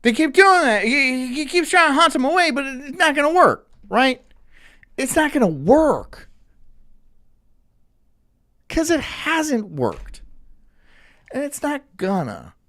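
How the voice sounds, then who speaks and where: Lively-voiced woman streamer. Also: high voice, slow pace, long pauses. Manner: swearing, laughing, repeats herself. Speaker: livestream host. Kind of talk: casual livestream commentary.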